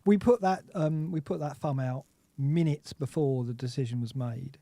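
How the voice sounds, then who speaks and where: A man's voice: medium pitch, normal speed, warm tone, dry recording. A man co-hosting a casual podcast in an easygoing, wry way. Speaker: podcast co-host. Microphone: desk mic into podcast mixer.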